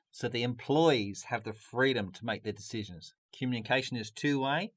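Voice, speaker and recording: Man, business teacher, video lesson, jokey delivery, mid-range pitch. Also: moderate pace, hardly any pauses, a bit bright. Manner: jokey, puts on a mock French accent at times.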